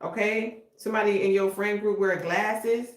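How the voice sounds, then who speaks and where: A woman's voice: medium pitch, steady tone, moderate pace. A woman giving a casual tarot reading in a blunt, slangy way. She often repeats "okay?". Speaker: tarot reader. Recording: echoey room with noise.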